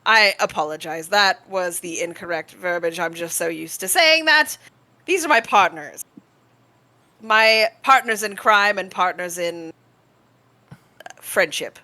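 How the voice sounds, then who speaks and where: A woman's voice: on the low side, measured pace, bright, forceful tone. A woman voicing a young female tiefling noble, eager yet insecure, who makes formal, self-conscious introductions in a tabletop role-play. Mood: apologetic.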